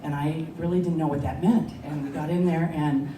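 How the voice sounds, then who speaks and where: A woman's voice: low voice, steady tone, normal speed. A woman telling a personal story at a live story slam, conversational and often laughing. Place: bar lounge stage. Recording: echoey lounge, distant mic, background noise.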